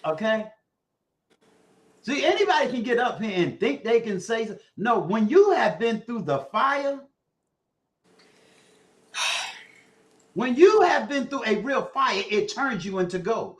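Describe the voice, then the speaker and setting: A man giving a preacher-style blessing on a livestream, repeating phrases and building to shouts. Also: very high voice, sing-song, measured pace, pauses often. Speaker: guest giving a prayer on a livestream.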